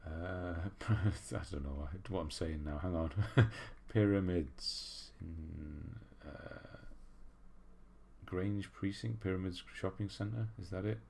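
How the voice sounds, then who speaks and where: His voice sits low, slow and creaky with a dark tone, and a faint hiss or hum runs underneath. The Englishman hosts a casual livestream, reading out chat messages and poking fun at himself with laughter.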